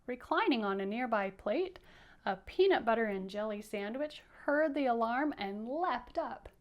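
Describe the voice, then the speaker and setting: A woman's voice: on the high side, lively intonation, unhurried, highs cut off. A woman teacher giving a playful, coaxing read-aloud for children, inviting them to repeat lines after her. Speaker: teacher reading aloud to kids.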